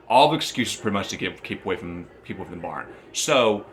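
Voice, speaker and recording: A man's voice: low-pitched, animated, brisk, a little hiss or hum. A man casually recapping a manga story, rambling and often repeating and restarting phrases. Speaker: manga reviewer.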